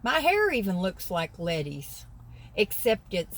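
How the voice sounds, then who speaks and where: Slow, chatty southern woman in her sixties. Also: mid-range voice, huge pitch swings. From American South. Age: 60s. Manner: chatty, folksy, talks to viewers as y'all. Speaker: vlogger. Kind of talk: casual chat to camera.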